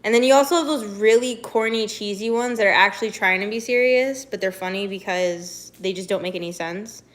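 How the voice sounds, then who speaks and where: A woman's voice: medium pitch, fairly quick. A young woman streamer in casual live-stream chat, bubbly and rambling, with lots of "like". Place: home, walks to the kitchen.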